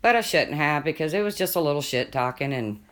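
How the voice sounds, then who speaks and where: Woman w a really low deep voice chatting on her livestream, reads out comments, swears casually. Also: expressive, a little fast, fairly bright tone. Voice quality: deep voice that people mistake for a man's. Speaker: livestream host. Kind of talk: casual livestream chat with viewers.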